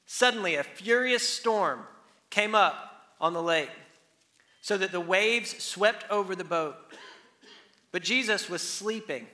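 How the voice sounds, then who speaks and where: Joking high-voiced male pastor. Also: lively intonation, slow, pauses often, bright, forceful tone. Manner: casual and joking, acts out the disciples. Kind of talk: sermon with opening prayer. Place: church hall.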